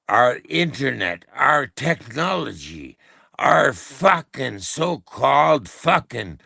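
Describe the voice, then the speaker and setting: A man's voice: medium pitch, very animated, takes it slowly, gravelly, sharp tone, no echo, studio quality. A man hosting a live stream, delivering a profane, repetitive, mocking rant. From Canada.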